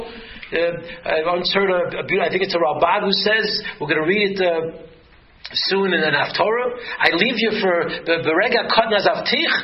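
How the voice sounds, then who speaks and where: A man giving an earnest, emphatic Torah talk, often restarting his sentences. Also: high voice. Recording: dull lo-fi sound with faint noise.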